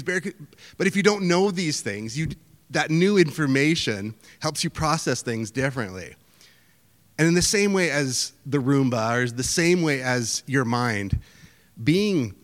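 A man's voice: medium pitch, fairly bright tone. A male pastor, preaching a sermon in a loose, conversational way with restarts. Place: church hall. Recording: echoey church hall.

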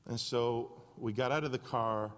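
Storytelling pastor in a reverberant hall. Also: male voice, medium pitch, unhurried. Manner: animated storytelling. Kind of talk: sermon. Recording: long reverb of a large hall.

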